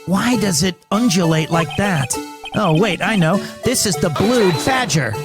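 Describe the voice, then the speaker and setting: A man's voice: high voice, animated, unhurried, over music. A man reading the lines of an earnest young male lawyer from a video game, in a dry, musing way. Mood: puzzled. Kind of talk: reading game dialogue aloud on a stream.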